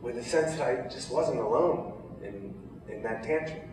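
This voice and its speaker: A man telling a personal story of grief, halting and emotional, with many restarts. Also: medium pitch, noisy background. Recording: echoey hall, heard from far off.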